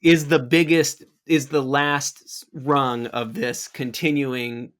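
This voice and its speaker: A man's voice: mid-range voice, fairly even intonation, slow, a bit bright. A man co-hosting a podcast in casual chat, rambling and jokey, laughing often. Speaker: podcast co-host.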